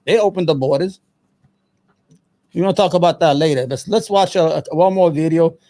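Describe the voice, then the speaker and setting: A man's voice: fairly high pitch, moderate pace, dark tone. A man hosting his own show, giving angry, profane, emphatic political commentary. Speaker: show host.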